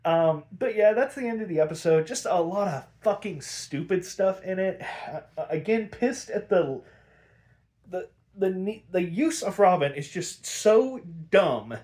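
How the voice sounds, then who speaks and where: Man, slightly high voice, casual solo review, exasperated, swears a lot, many fillers. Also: animated, a little slow, darkish tone. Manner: exasperated, swears often, ranting. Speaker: podcast host reviewing episodes.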